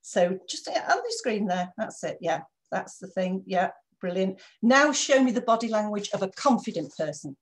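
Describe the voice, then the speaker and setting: A woman leading a live online training session, lively and encouraging, who keeps checking in with her listeners. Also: mid-range voice, moderate pace, hardly any pauses. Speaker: corporate trainer.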